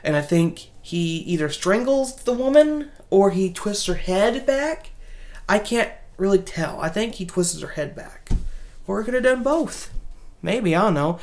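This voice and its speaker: A woman's voice: medium pitch, lively intonation, measured pace, a little mellow. A woman casually retelling a horror film's plot, rambling, with many restarts and asides. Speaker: movie reviewer. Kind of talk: casual spoken movie recap.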